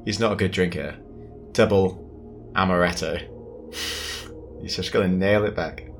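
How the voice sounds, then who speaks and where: A man playing a tabletop game, talking in a low-key, sighing way. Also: fairly even intonation, a little slow, soft background music. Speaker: player.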